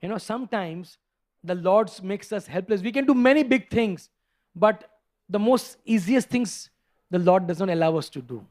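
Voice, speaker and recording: A man telling a scripture story in a sermon, animated and stopping to restart often. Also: high-pitched, moderate pace. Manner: animated, acts out characters, frequent restarts. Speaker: preacher giving a scripture class.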